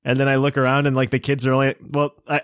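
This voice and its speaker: A man's voice: medium pitch, monotone, fast talker, smooth, no echo, studio quality. A man in his late twenties co-hosting a casual chat, rambling with lots of fillers and poking fun at himself. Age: 20s. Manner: rambling, filler-heavy, self-mocking.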